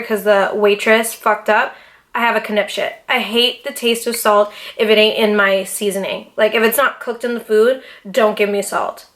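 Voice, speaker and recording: A young woman talking straight to her camera in a casual sit-down vlog, animated, dramatic and full of swearing. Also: a little high. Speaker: YouTuber. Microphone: camera mic, seated in front of camera.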